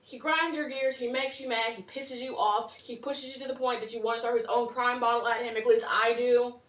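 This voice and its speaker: A woman's voice: a little high, steady tone, fairly quick, fairly bright tone. A woman co-hosting a wrestling podcast, outspoken and sassy in casual chat. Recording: roomy, distant, dull mic.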